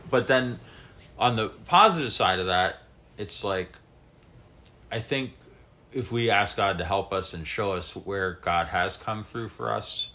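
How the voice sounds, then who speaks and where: Male co-host, very deep voice, reflective and loose. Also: measured pace, pushed and bright. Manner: thoughtful, reflective, many fillers. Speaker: podcast co-host. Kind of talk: casual podcast chat.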